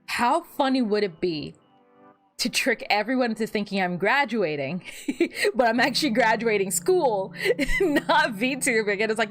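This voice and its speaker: A young woman VTuber streamer chatting casually while she fiddles with her setup, animated and giggly, often repeating words and laughing at her own jokes. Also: fairly high pitch, unhurried, soft background music. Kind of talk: casual livestream chat.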